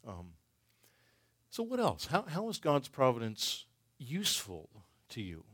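A man leads a church Bible study, working through his points slowly and thinking aloud. He restarts phrases often and fills gaps with soft ums. His pitch sits in an ordinary middle range for a man. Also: huge pitch swings. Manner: thoughtful, halting, with frequent ums and restarts. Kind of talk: teaching a church class with discussion.

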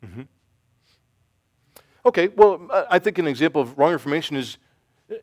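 A middle-aged man giving an informal church talk with audience questions, self-deprecating and halting, with many restarts. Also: a little high, lively intonation, no echo, studio quality. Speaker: church teacher. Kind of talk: informal sermon with Q&A.

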